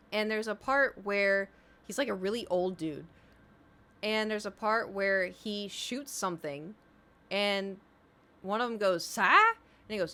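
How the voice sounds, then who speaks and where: A woman's voice: mid-range voice, bright, forceful tone. A woman streamer chatting casually, telling rambling stories and talking to her cat.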